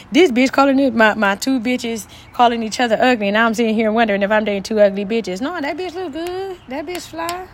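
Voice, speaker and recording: Profane ranting woman, higher voice. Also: slight background noise. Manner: heavy swearing, repeats phrases, sudden swings between loud and quiet. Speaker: vlogger. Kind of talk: angry profane rant to camera.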